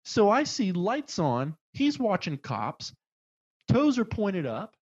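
A man telling a story in casual chat, acting out the people in it with lively swings of voice. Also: high voice, slow, slightly rough, dull audio. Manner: animated, acts out the people in his story.

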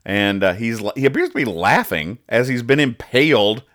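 A man's voice: medium pitch, animated, moderate pace, fairly bright tone. A young adult man hosting a casual podcast where he reads comic strips aloud, rambling and stumbling over his words as he explains each joke. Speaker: podcast host.

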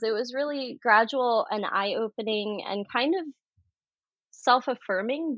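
A woman's voice: medium pitch, dry recording. A woman guest telling her story earnestly in candid conversation, acting out the voices she remembers. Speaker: podcast guest. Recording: dull lo-fi sound.

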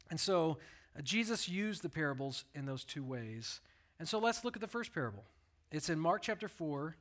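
A man with a bright, slightly high voice, preaching in an animated way. He tells the story the way he would talk, swings between loud and hushed, and voices the people in it. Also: normal speed. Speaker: pastor. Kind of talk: sermon.

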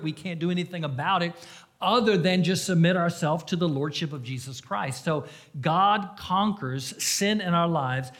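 A man preaching a sermon, sharing his own testimony earnestly, rising to loud emphasis and dropping to hushed, quiet passages. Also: on the high side. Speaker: pastor.

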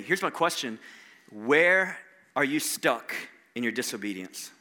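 A man's voice: medium pitch, lively intonation, unhurried, pushed and bright. A middle-aged man preaching a sermon in a conversational way, putting rhetorical questions to the congregation. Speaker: pastor.

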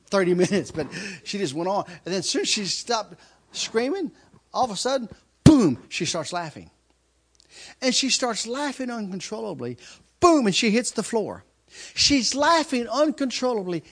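A male preacher telling a story in a sermon, acting out screams and laughter as he goes. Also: high-pitched. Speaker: traveling preacher.

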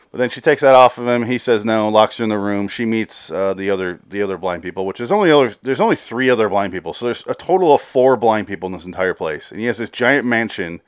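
A man's voice: fairly low pitch, dry recording, studio quality. A man casually recapping a TV episode, rambling, swearing freely and laughing as he goes. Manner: rambling, swears freely, laughs, quotes characters in quick bursts. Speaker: podcast host recapping a TV episode.

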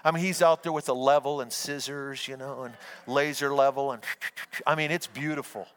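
Fairly quick and smooth, this male pastor's mid-range voice keeps a fairly even intonation as he tells folksy, down-home stories and earnestly exhorts his congregation. The sound carries a long hall reverb.

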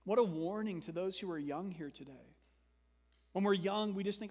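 A man's voice: high voice, moderate pace, a little mellow, in a large hall. A young man preaching a sermon as pastor, earnest and building to emphatic repetition.

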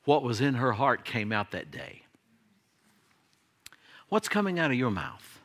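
A man's voice: mid-range voice, huge pitch swings, a little slow, a bit bright. A middle-aged man preaching a sermon to his congregation in a conversational way, full of questions and light humor. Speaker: pastor.

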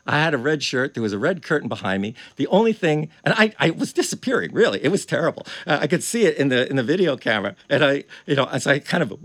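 A male musician telling stories in a casual chat, animated and chuckling often. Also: fairly high pitch, fast talker, hardly any pauses. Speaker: guest musician. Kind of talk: casual storytelling.

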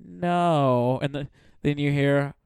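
A man with a somewhat high, smooth voice riffs with friends on a comedy podcast. He keeps slipping into quick silly voices to act out fake phone calls. The sound is close and dry. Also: no room sound. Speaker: podcast host. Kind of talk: casual comedy chat.

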